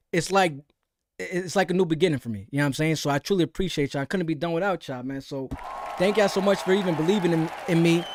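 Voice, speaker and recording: A man's voice: on the high side, dry recording, clean studio sound. A young American man hosting a live stream. He chats casually and loosely about boxing, full of slang and repeated fillers. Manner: loose, slangy, repeats "you know what I'm saying". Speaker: livestream host. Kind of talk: casual live chat reading viewer comments.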